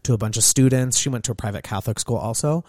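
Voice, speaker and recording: Male co-host, mid-pitched, chatty storyteller, dry close mic. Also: rapid-fire, a little mellow, no echo. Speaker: hairstylist and podcast co-host. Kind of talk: casual podcast chat.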